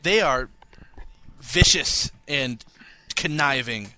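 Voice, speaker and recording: A man's voice: mid-range voice, lively intonation, slow pace, sharp tone, no echo. A young man co-hosting a casual comedy podcast, joking around and reading listener emails with mock drama. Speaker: podcast co-host.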